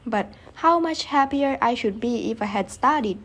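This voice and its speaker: Woman doing a sad braying donkey puppet boy, storybook reading, kinda high. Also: lively intonation, moderate pace. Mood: regretful. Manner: plaintive, braying. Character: puppet boy turned hungry, miserable donkey.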